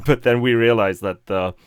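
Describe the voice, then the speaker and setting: A man's voice: mid-range voice, measured pace, smooth, no room sound, studio quality. A young man, chatting casually and laughing often as he reads out and answers live chat. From Sweden.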